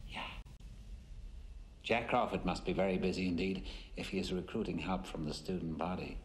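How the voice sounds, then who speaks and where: An actor playing a cultured, menacing male psychiatrist who is a captive killer. He speaks softly and precisely and slips into whispers. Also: low voice, moderate pace, slight background noise, natural voice. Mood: cold and mocking. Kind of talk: film dialogue.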